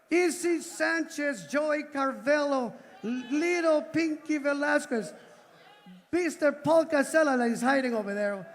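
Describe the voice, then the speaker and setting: Effusive male host, high voice, booming hall. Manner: effusive, warm thanks and roll calls of names. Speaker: event organizer and host. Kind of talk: ceremony speech to a live audience. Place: large indoor event hall. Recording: long reverb of a large event hall.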